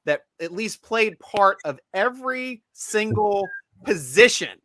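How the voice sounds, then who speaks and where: A male host asking questions in an interview, enthusiastic and quick to affirm. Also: sits high, animated, fairly bright tone. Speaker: show host. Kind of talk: interview hosting.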